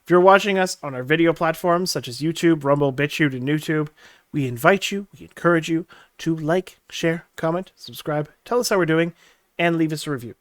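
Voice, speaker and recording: A man's voice: on the high side, fairly quick, no echo, clean studio sound. A man co-hosting a podcast, chatting casually and joking, often laughing and acting out quotes. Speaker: podcast co-host. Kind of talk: casual political chat.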